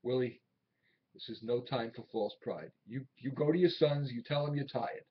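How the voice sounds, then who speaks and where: An actor playing a young, brisk boss who talks in a clipped, evasive, softly dismissive way. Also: male voice, mid-range voice, slightly rough, close to an everyday voice. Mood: uneasy. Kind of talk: film drama acting. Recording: dull old film soundtrack.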